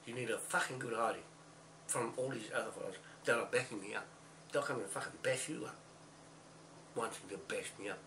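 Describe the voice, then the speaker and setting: A man's voice: on the low side, brisk, long pauses, noisy background. Furious ranting man, New Zealand accent. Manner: furious, swearing, repetitive ranting. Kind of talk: angry ranting video message.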